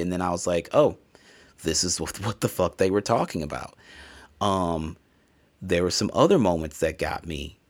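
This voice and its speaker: Deep-voiced man, profane and emotional. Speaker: gamer reviewing a video game. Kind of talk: casual solo review talk.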